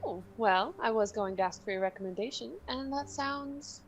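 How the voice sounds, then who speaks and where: A woman's voice: fairly high pitch, normal speed, a little hiss or hum, rough recording. A woman playing a tabletop game, speaking politely in character. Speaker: player.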